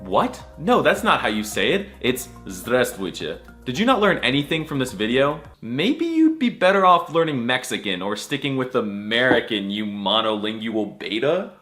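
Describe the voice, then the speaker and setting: A man's voice: mid-range voice, sing-song, moderate pace, few pauses, fairly bright tone, soft background music. A man giving a comedic alphabet lesson, with exaggerated mock-serious delivery and sudden squealing outbursts. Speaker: comedy language tutor.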